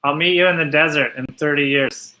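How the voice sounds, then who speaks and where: Bright easygoing man from San Diego. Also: on the high side, steady tone, a little fast, rough recording. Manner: easygoing, agreeable, encouraging. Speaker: stream guest. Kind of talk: casual livestream chat.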